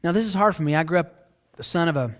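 A man preaching an earnest, conversational sermon as pastor. He speaks to the listeners directly and swings from hushed, soft passages to loud outbursts. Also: fairly high pitch, fast.

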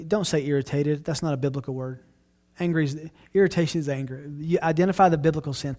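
A middle-aged man, a pastor, answering questions in earnest, relaxed talk, often restarting his phrases. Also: fairly high pitch, fast, hardly any pauses. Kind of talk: casual Q&A talk.

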